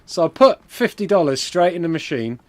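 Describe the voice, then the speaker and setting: A man's voice: on the high side, very animated, brisk, no room sound. A man hosting a game stream, rambling through a comic story, swearing and laughing as he goes. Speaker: stream host.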